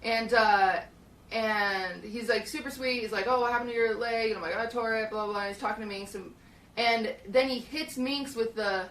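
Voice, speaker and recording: Bright young woman rambling through a story. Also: medium pitch, normal speed, echoey room, recorded from a distance, low-quality recording. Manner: rambling, lots of "like" and restarts, acts out quotes. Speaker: streamer. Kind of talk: casual storytelling chat. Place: small hot shed studio.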